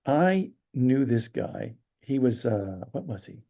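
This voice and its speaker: A man telling stories as a podcast interview guest, animated and acting out the people he quotes. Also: mid-range voice, slow. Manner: animated storyteller, acts out quotes. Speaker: storyteller guest. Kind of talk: casual interview chat.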